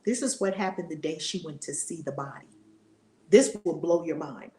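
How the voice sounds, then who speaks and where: A middle-aged woman giving an impassioned spiritual talk, emphatic and repetitive, swinging between loud declarations and hushed asides, casual and swearing freely. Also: sits low, normal speed, echoey room. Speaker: spiritual teacher.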